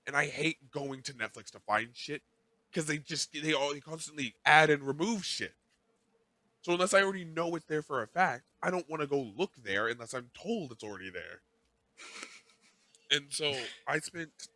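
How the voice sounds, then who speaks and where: Male podcast host, bright tone, dry close sound, rambling self-mocking storyteller. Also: on the high side, no echo. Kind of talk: casual chat.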